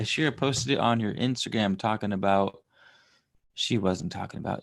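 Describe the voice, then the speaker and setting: A man hosting a casual livestream, reading out chat and telling stories in a loose, rambling way. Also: mid-range voice. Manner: rambling, chuckling, loose storytelling with fillers.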